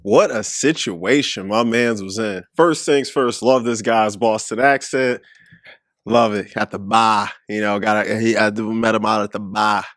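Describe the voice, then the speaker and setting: A man's voice: on the low side, fairly even intonation, unhurried, fairly bright tone, no echo. Guy doing a reaction vid, casual slangy talk, keeps repeating himself, dry mic. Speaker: reaction video host.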